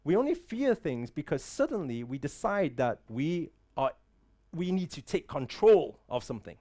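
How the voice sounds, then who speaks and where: Man, motivational speaker, high voice, very lively delivery, rhetorical questions, live event room. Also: normal speed. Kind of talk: live motivational talk to an audience.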